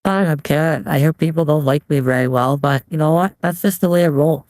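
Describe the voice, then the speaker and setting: A man voicing a brash, self-satisfied woman through a voice changer filter, loud and defiant. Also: fairly high pitch, brisk, no echo.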